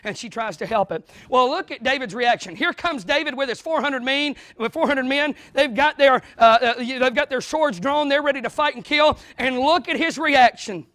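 High bright-voiced preacher. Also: male voice, moderate pace, few pauses, no echo. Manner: preaching with sudden loud bursts and acted-out quotes. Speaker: pastor. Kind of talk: sermon. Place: church.

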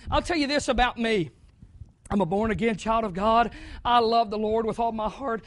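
A man from the American South preaching a sermon, moving from quiet, conversational talk up to loud, shouted preaching. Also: very high-pitched.

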